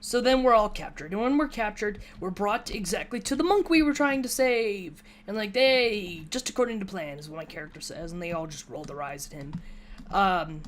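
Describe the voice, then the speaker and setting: A woman with a mid-range voice talks casually over her gameplay. She rambles through a story and pokes fun at herself along the way, like a relaxed gaming commentary. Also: mid-range voice, normal speed, a little hiss or hum. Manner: rambling, chatty storytelling with self-mocking asides. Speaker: gaming YouTuber. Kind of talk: casual gameplay commentary, recounting a tabletop session.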